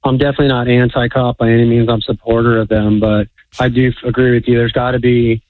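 A man calling in to a radio show, worked up about the topic and quick to apologize. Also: medium pitch, flat delivery, dry recording. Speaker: caller. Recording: tinny phone line.

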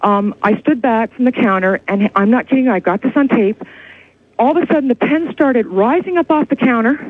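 A woman's voice: a little high, a little fast, husky. A woman calling in to a radio show, telling her story in a breathless, rambling way over the phone. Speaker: caller. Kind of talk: call-in radio chat. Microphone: telephone. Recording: tinny phone line.

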